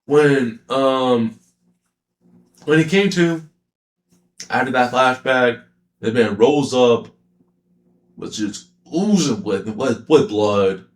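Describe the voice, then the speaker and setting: A man's voice: mid-range voice, takes it slowly, pauses often, roomy sound. A man giving a casual, rambling anime commentary, slangy with many fillers and frequent laughter. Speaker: anime reviewer.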